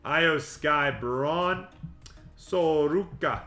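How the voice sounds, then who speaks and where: A man hosting a livestream card break, rattling off player names with quick joking asides. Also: on the high side, sharp tone. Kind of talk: livestream card-opening patter. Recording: echoey room with music behind.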